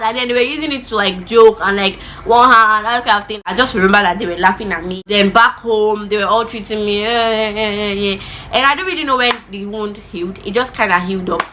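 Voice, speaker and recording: A young adult woman telling a personal story in a casual vlog, animated and acting out the voices of the people in it. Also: mid-range voice, a little hiss or hum. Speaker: vlogger.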